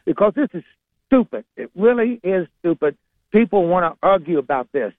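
A man with a Virginia Southern accent phoning into a talk show, blunt and opinionated. His voice sits slightly high. He comes through a thin, tinny phone line with a dry sound. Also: very animated, moderate pace, no room sound. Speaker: caller. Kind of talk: phone-in call.

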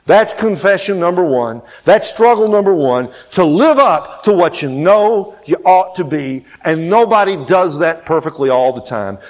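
Male pastor, somewhat high voice, dynamic sermon delivery with big loud-soft swings and acted-out quotes. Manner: dynamic preaching, swinging between loud emphatic peaks and quiet low asides; acts out quoted dialogue in changed voices.

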